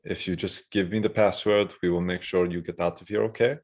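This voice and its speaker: A man voicing his tabletop character, a calm adventurer who persuades a captive in a measured, reassuring but firm way. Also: low voice. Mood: coaxing.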